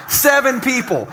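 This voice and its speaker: A man preaching to his congregation in a lively, joking way, speaking in a church basement. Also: sits high, background noise. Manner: energetic, joking, talks to the congregation. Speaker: pastor. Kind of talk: lively sermon opening.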